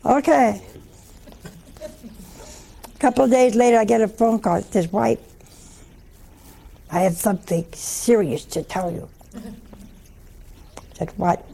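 Gravelly folksy woman preaching. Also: medium pitch, dark tone. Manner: folksy, humorous, slow and emphatic. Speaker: religious preacher. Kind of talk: storytelling sermon.

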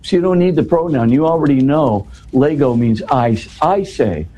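A man talks through a scripture passage for an interviewer, teaching with animated, explanatory energy. His voice sits at a medium pitch with a warm, mellow tone, and a faint noise runs under the recording. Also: normal speed, poor audio.

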